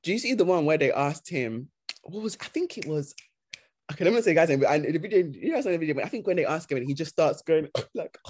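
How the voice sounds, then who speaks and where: Podcast co-host, casual chat, lively swooping pitch, mocking impressions. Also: fast talker, husky.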